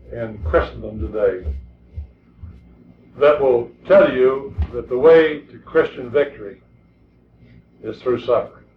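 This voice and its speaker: A man's voice: medium pitch, a little hiss or hum. A man preaching a sermon in an earnest, emphatic way, often repeating words as he presses a point. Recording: distant, echoey, tinny lo-fi recording.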